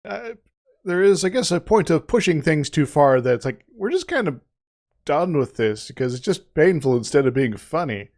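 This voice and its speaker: A man's voice: fairly high pitch, sing-song, moderate pace, a little mellow. A man co-hosting a podcast, jokey and rambling, laughing often in casual chat. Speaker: podcast co-host.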